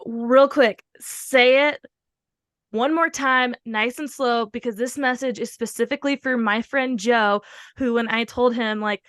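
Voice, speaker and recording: A woman's voice: on the high side, steady tone, a little slow, a bit bright, no room sound, clean studio sound. A woman hosting a podcast, chatting casually and rambling with lots of fillers. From Pacific Northwest of the US. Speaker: podcast host.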